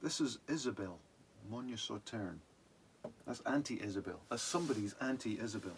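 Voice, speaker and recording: A man's voice: lowish voice, expressive, brisk, a little hiss or hum. A man, rambling and laughing as co-host of a casual whisky-tasting chat. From Islay, Scotland. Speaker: podcast co-host.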